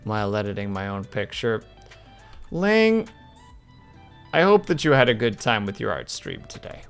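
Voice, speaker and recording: A man's voice: on the low side, huge pitch swings, normal speed, creaky, soft background music. A male streamer chatting casually while drawing, telling rambling stories and teasing his viewers. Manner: rambling anecdotal storytelling; playful teasing.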